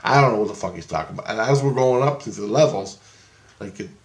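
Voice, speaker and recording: A man telling a rambling personal story, swearing freely and getting excited. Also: fairly low pitch, quick pace, echoey room. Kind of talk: casual anecdote.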